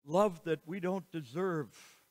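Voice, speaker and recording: A man preaching a sermon as pastor, slow and emphatic, with dramatic rises and falls in his voice. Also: fairly high pitch, darkish tone. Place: church sanctuary. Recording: reverberant church hall.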